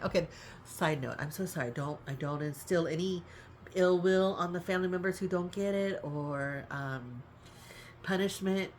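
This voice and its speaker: Low-voiced woman, candid caregiving vlogger. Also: a little hiss or hum. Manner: rambling, apologetic, laughs often. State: near tears. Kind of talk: casual talk to camera.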